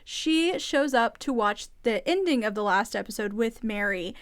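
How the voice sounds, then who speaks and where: A woman with a fairly high voice talks through a reality show recap in a chatty, opinionated way. She sounds amused and frank. The sound is dry and close. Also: lively intonation, moderate pace, no room sound. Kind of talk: casual commentary.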